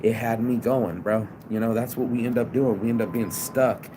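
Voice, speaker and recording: A man's voice: mid-range voice, steady tone, normal speed. A man giving a casual, profane motivational rant outdoors by a busy road, preachy and calling the listener bro. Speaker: motivational vlogger. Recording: loud traffic noise behind.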